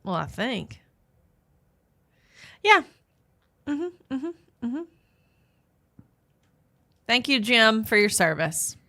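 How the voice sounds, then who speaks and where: A young woman co-hosting a podcast in a studio, telling stories in a lively, animated way and slipping into quoted voices. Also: on the high side, extremely slow, long pauses, no echo. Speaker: podcast co-host. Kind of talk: casual chat. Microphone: studio mic.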